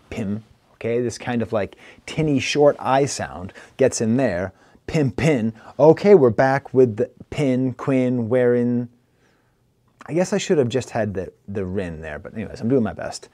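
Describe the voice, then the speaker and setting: A man with a Rochester, New York accent reviewing a rap album in casual talk, playful and animated as he recites and picks apart rhymes. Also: medium pitch. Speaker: music reviewer.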